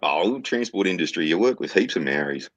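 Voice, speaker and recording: A man with a very deep, low Australian voice spins crude jokes and yarns in easygoing chat. His speech is laid-back and full of swearing and local slang. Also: lively intonation, fairly quick, dull audio. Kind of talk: casual crude joke-telling chat.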